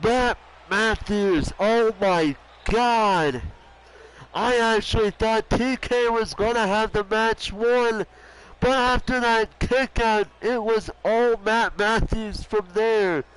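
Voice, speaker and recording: High-voiced excitable male wrestling commentator. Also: slow, clean tone, poor audio. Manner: animated, swearing, shouting at big moments.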